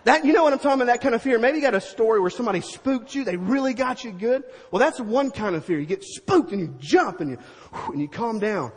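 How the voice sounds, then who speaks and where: A middle-aged man preaching, telling a story to a crowd with animated sound effects and a husky voice. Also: very high voice, fast, hardly any pauses, long reverb tail. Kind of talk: storytelling sermon.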